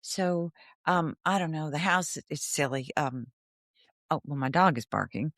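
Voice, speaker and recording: A woman therapist talks with a podcast host in an animated, chatty way and laughs often. She has a somewhat low voice, recorded close and dry with no room sound. She acts out inner thoughts as she explains them. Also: measured pace, dry recording. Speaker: therapist guest.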